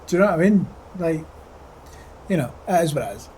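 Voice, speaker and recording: A man's voice: a little high, animated, brisk, darkish tone, slight background noise. A Scottish man chatting casually on a flight sim live stream, full of crude, profane joking banter with his chat. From Scotland.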